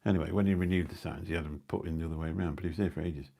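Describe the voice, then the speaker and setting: Brief: middle-aged male live-streamer, deep husky voice, rambling anecdotes. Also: fairly even intonation, very fast, warm tone. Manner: rambling anecdotal storytelling with dry asides. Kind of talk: casual rambling chat. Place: indoors at home. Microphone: new phone or mic on a live stream.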